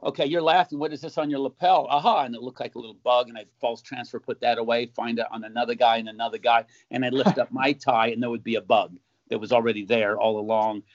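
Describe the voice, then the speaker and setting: A man, a magician guest in a casual interview, telling stories and acting out accusing voices with sudden loud jumps. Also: medium pitch, level tone, fast. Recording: dull, muffled sound.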